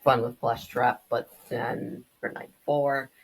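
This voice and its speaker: A young woman with a notably low voice chats her way through a game's backstory. She drifts easily into joking asides and quick tangents, in a casual, offhand tone. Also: level tone, creaky, slightly rough. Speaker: game lore commentator. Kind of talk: casual commentary.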